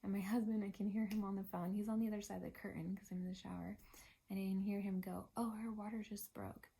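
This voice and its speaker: A young woman telling a personal story in a relaxed, chatty way. Her voice is gravelly with a husky, breathy edge, and she often sinks into a soft half-whisper. Her pitch sits at an ordinary middle level. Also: fast talker. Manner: chatty, drops to a hushed, partly whispered voice. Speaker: vlogger. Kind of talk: casual storytelling.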